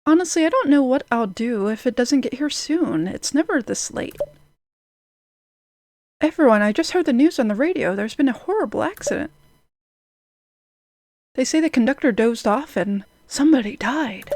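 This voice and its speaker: A woman streaming a story game, reading the characters' dialogue aloud in an unhurried, earnest way. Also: sits high, animated, a little mellow, no echo.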